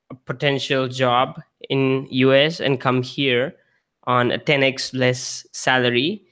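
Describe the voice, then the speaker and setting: A man's voice: medium pitch, fairly bright tone, clear, resonant tone. A man hosting a casual live-stream chat in an ordinary mid-range voice. He speaks hesitantly, often stopping and restarting his sentences. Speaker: host.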